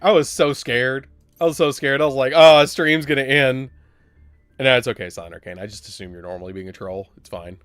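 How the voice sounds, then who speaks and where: A man's voice: medium pitch, a bit bright, dry recording. A man from Alabama with a Southern accent, rambling and joking with his chat while live-streaming a card game. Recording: dry with faint music behind.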